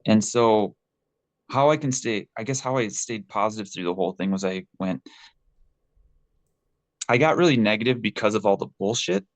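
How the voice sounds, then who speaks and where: Candid man with a low voice. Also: moderate pace, long pauses, no room sound. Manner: candid and animated, swears freely, frequent restarts. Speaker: interview guest, former pole vaulter. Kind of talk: casual interview conversation.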